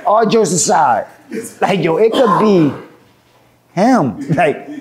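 A man with a fairly high voice spins a street story as an interview guest. He slips into the voices of the people in it and swears casually as he goes. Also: animated, moderate pace, a little mellow. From Philadelphia. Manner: acts out quoted voices, laughing and cursing as he tells it. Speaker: rapper guest. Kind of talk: animated storytelling.

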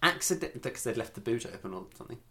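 Chatty English man, lively voice. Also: mid-range voice. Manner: chatty, rambling, quick to laugh. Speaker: podcast co-host. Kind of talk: casual chat.

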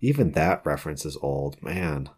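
A man's voice: very deep voice, lively intonation, normal speed, a little mellow, husky. A man co-hosting a casual podcast chat, rambling with restarts and frequent laughs. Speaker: podcast co-host.

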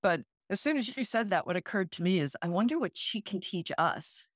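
A woman's voice: medium pitch, expressive, fairly quick, no echo, studio quality. A woman co-hosting a podcast, talking in a thoughtful, reflective way in casual conversation. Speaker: podcast co-host, yoga and meditation teacher.

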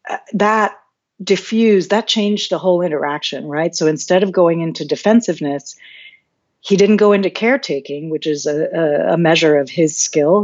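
A woman's voice: fairly low pitch, darkish tone, muffled recording. A woman guest telling a candid personal story, open and reflective, often restarting her sentences. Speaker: podcast guest.

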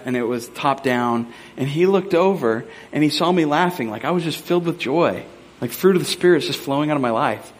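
A man's voice: mid-range voice, long reverb tail. A man in his thirties preaching a sermon, telling self-deprecating stories with humor as a pastor. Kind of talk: sermon with personal story.

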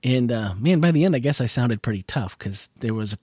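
A man's voice: mid-range voice, expressive, fairly quick, darkish tone, husky, no echo, studio quality. A man hosting a casual podcast chat, still recovering from losing his voice, rambling and chuckling as he talks. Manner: rambling, self-correcting, chuckles often. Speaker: podcast host.

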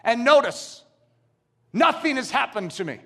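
A man's voice: very high voice, very animated, a little slow, creaky, a bit bright, pitched above the performer's own voice, exaggerated voice. A man voicing a fearless villager who makes firm, emphatic demands during a sermon story. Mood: commanding. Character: calm, unafraid male villager, firm.

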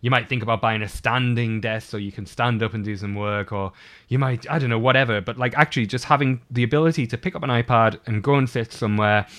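Giggly podcast host. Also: male voice, mid-range voice, steady tone, quick pace, fairly bright tone. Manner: giggly, filler-heavy, playful teasing. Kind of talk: casual podcast chat.

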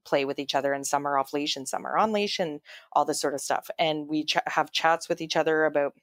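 A woman's voice: low-pitched, fairly even intonation, brisk, a bit bright. A woman chats casually on a podcast, rambling through stories with frequent fillers and restarts. Her voice sounds dry and close, with no room echo. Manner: chatty storytelling with many fillers and restarts. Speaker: podcast co-host. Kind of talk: casual chat.

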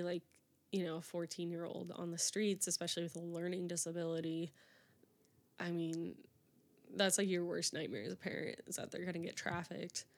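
A young woman hosting a solo podcast, chatting casually and rambling with lots of fillers and restarts. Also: lowish voice. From United States. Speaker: podcast host.

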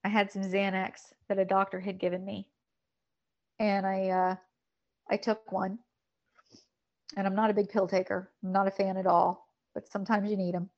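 A middle-aged woman telling a painful personal story in a podcast conversation, emotional and halting, often repeating words. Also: mid-range voice, flat delivery, darkish tone, dull audio. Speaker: podcast guest.

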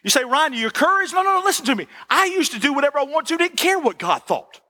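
A man preaching a sermon as the pastor, folksy and animated, repeating "listen" and asking for "amen". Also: very high voice, quick pace.

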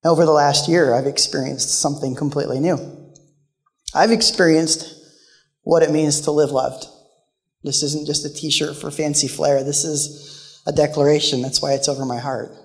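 A male guest speaker telling a personal story in a sermon, now loud, now hushed. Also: fairly high pitch, level tone, normal speed, creaky, long reverb tail. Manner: storytelling, emotional, shifts between loud and hushed.

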